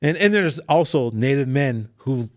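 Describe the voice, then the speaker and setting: Animated, foul-mouthed man guest. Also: medium pitch, normal speed, dry recording, clean studio sound. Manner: animated, profane, storytelling. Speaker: podcast guest. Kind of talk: casual chat.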